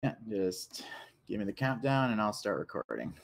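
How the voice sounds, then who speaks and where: A man's voice: lowish voice, sing-song, moderate pace, creaky, dry recording. Laid-back male podcast co-host. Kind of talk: casual podcast chat.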